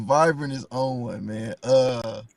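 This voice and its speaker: A man's voice: medium pitch, takes it slowly. A man hosting a live stream, talking casually and passionately to his chat, calling viewers by name and repeating himself.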